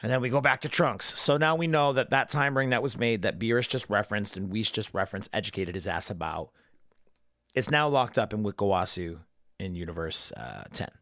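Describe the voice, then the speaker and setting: A man's voice: lowish voice, expressive, a little fast, a bit bright, no echo, clean studio sound. A young man hosting a podcast, giving a casual, profanity-laced, enthusiastic fan recap of a cartoon episode. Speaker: podcast host.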